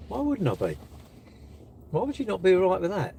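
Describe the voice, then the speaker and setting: A man's voice: high voice, sing-song, moderate pace, gravelly, pauses often, darkish tone, husky. An older man hosting a casual livestream, teasing viewers and bantering in a cocky way as he reads their chat messages. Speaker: livestream host reading chat. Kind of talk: casual live-stream chat.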